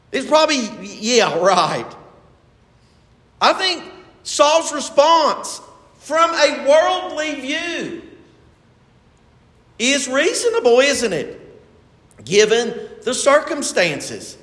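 High-pitched preacher guy, emphatic, lots of rhetorical questions, big echoey hall. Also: sing-song, slow pace, pauses often, pushed and bright. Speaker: pastor. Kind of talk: sermon.

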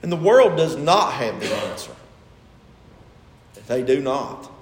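A man's voice: mid-range voice, sing-song, slow, creaky, slight background noise. A man preaching a sermon, driving his points home with rhetorical questions and acted-out quotes. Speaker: pastor. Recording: echoey hall.

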